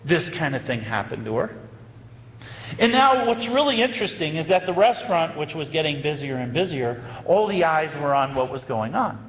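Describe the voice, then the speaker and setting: A priest telling a story in a sermon, animated and anecdotal, with dramatic pauses. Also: male voice, a little high. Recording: echoey hall with long reverb.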